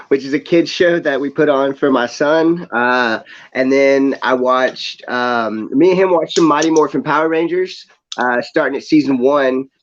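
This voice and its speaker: A young man and father co-hosting a podcast in casual chat, laid-back, laughing often and full of fillers. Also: mid-range voice. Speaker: podcast co-host. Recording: slightly dull lo-fi audio.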